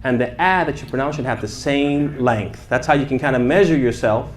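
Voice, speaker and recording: A male teacher leading a class in Quran recitation, energetic and asking questions for the students to answer aloud. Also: medium pitch. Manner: energetic, quizzing the class with call-and-response; chants short Arabic phrases slowly for students to repeat. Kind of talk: interactive classroom lesson.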